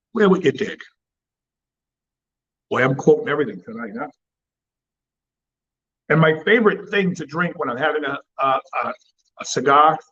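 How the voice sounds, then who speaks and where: A man's voice: a little high, fairly bright tone, highs cut off. A man hosting a cigar channel, chatting casually and bluntly with plenty of swearing. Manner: blunt and profane. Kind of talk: casual livestream chat.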